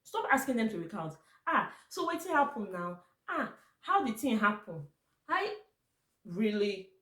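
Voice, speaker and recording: A woman's voice: mid-range voice, echoey room. A Nigerian woman vlogging to camera in a casual, blunt and exasperated way, slipping into Pidgin now and then.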